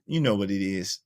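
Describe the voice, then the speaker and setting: Medium-pitched with a breathy edge, a young man hosts a casual livestream. He reads chat aloud, teases viewers in an animated way and repeats lines to them a lot.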